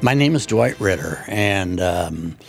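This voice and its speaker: A man's voice: low voice, animated, takes it slowly, gravelly, soft background music. An older man from Indianapolis, an author being interviewed, telling rambling folksy anecdotes with many fillers. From Indianapolis, USA. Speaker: author guest. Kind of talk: conversational storytelling.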